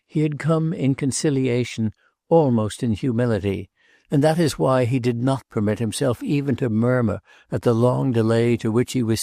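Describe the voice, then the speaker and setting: A man narrates a classic novel in a measured, even style. His voice is mellow and gravelly. The recording is close and dry. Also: mid-range voice, no echo. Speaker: audiobook narrator. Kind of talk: scripted literary narration.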